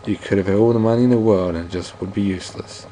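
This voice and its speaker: A man's voice: lowish voice, steady tone, fast talker, mellow, slight background noise, poor audio. A man playing a game and reading its narration aloud, stumbling over words now and then and adding casual asides in an odd put-on reading accent. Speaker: let's play host.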